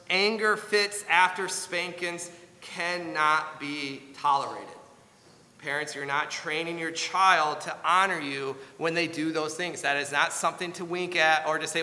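A man preaching a sermon in an earnest, pleading way, slowing down to stress key words. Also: fairly high pitch, sharp tone, long reverb tail. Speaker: pastor.

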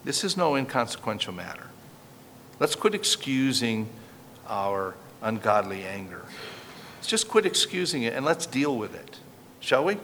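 A pastor delivering a sermon, preaching earnestly and emphatically and asking the congregation rhetorical questions. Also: male voice, medium pitch, sing-song, a little slow, a bit bright, a little hiss or hum. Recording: long reverb, faint background ambience.

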